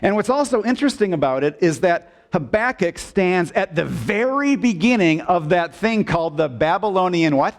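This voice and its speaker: A male pastor delivering a sermon in a church, asking the congregation questions and drawing them into call-and-response, sometimes dropping low and soft for emphasis. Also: normal speed, few pauses. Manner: expressive preaching, dips low and soft for emphasis. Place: church sanctuary.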